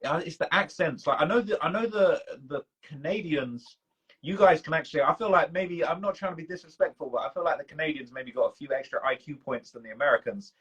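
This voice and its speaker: A man's voice: fairly high pitch, fast talker, fairly bright tone, husky, highs cut off. A man with a British accent, rambling in casual chat as the host of a live stream, with loose speech full of "bro" and "man". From United Kingdom. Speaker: documentary creator and host. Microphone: video call.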